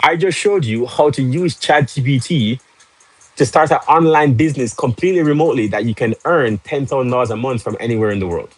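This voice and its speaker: A man's voice: mid-range voice, slightly rough, no room sound, rough recording. A man hosting a live stream, casual and pushy, urging viewers with rhetorical questions and joking with the chat. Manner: salesy, pushy, laughs easily. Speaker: livestream host.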